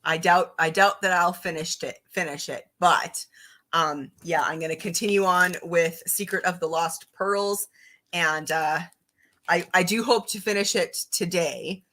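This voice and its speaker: A woman's voice: lowish voice, steady tone, unhurried, fairly bright tone. A woman hosting a casual live-stream book chat, upbeat and chatty, reading out viewer comments. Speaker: book channel host.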